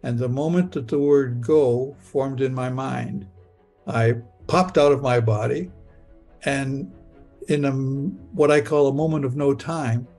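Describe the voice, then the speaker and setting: An older man from Michigan recounts a personal testimony in the present tense. His voice is gravelly and creaky, pitched in an ordinary middle range. He halts, stammers and repeats words as he speaks. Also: fairly even intonation, slow, a little mellow, soft background music. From Michigan, USA. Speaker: interviewee recounting a near-death experience.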